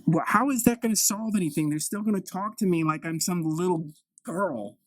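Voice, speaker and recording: A man's voice: high-pitched, fairly quick, pitched above the performer's own voice, natural voice, poor audio. A man improvising an anxious young woman complaining to her mother. She halts and repeats herself in a plaintive way. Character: anxious young woman, insecure and aggrieved daughter. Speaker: improv performer. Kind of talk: solo improv scene.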